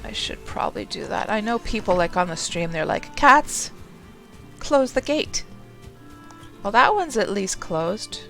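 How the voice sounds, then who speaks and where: A woman's voice: medium pitch, lively intonation, normal speed, vocal fry, hardly any pauses, a bit bright, faint music behind. A woman streaming a game live, chatting casually in a rambling way, often talking to herself and greeting her viewers.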